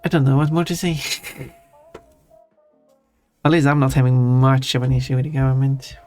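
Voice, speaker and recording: Streamer guy, mid-pitched, halting casual chat with viewers, soft music behind. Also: flat delivery. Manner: halting, restarts often, chuckles while answering chat. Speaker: livestream host. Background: faint background music.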